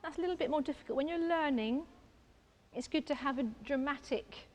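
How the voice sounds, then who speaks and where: A woman with a high voice paints in front of an audience at an exhibition. She chats enthusiastically and thinks aloud as she works. A faint hum of room ambience sits behind her. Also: a little fast. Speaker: artist giving a painting demonstration. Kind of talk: live painting demonstration. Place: exhibition space, indoors.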